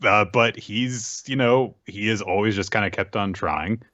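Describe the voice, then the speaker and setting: A man co-hosting a manga podcast, talking in a relaxed, hesitant way with lots of fillers. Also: fairly low pitch, measured pace, dry recording, lo-fi sound. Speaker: podcast co-host. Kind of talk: casual manga recap chat.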